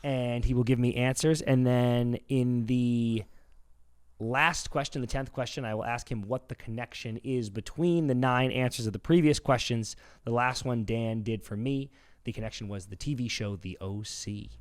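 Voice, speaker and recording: Male podcast co-host, casual and excitable, mid-range voice, slangy delivery. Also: mid-range voice, moderate pace, clean tone. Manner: enthusiastic, slangy, swears casually.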